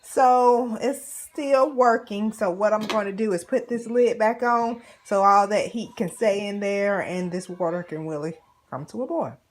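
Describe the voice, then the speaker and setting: A woman's voice: mid-range voice, a little slow, reverberant, noisy background. A woman making a casual home cooking vlog, chatting to her viewers in a self-deprecating way as she cooks in her kitchen.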